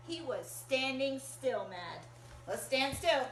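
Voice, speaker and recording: Animated woman reading a picture book. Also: sits high, slow pace, heavy background noise. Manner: animated, encouraging, asks the kids to join in. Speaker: storytime reader. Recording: echoey room.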